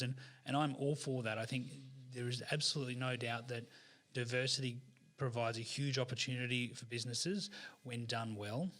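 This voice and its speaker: A man in a relaxed podcast chat, retelling a kids' story with chatty energy. He talks in animated bursts full of fillers and restarts, with a voice of middling pitch. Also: a little fast. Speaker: podcast guest, author. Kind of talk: casual storytelling in conversation.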